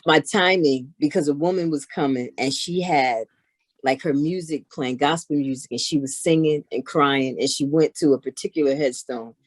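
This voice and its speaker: A middle-aged woman chatting casually as an interview guest, telling animated stories. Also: a bass voice, dry recording. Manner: animated, acts out others in her stories. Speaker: guest, knitwear maker. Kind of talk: casual storytelling chat.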